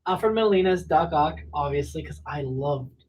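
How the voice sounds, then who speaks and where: A speaker joining a casual chat with quick, excited exclamations. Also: mid-range voice, husky. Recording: distant mic with faint noise.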